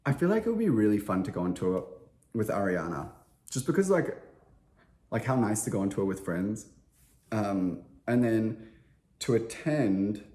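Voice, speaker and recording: A man's voice: low-pitched, mellow, echoey room. A man, reading fan questions aloud and answering them in a casual, rambling chat full of filler words. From Australia. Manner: chatty, self-deprecating, lots of filler words. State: slightly unwell. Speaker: interviewed musician.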